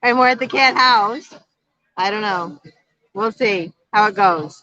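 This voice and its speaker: A middle-aged woman co-hosting a casual livestream from an outdoor patio, chatty and quick to laugh. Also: medium pitch, sharp tone, no room sound. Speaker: vlog co-host. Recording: dull lo-fi phone stream.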